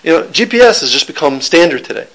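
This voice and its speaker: A man with a fairly high-set voice teaches an informal Torah class. He talks in a loose, conversational way, restarting phrases and trading jokes with the people listening. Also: big pitch swings, fast talker, fairly bright tone, low-quality recording.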